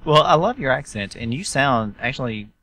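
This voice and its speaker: A man's voice: medium pitch, lively intonation, normal speed, bright, forceful tone. A man with a Southern US accent hosting a talk show interview, enthusiastic and chatty. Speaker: host.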